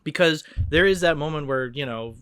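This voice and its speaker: A young man hosting a casual movie podcast, animated and swearing a bit, acting out lines as he goes. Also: a little high, normal speed, clean tone, dry recording, studio quality. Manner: animated, swearing, acts out quotes. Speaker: podcast host. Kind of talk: casual movie review chat.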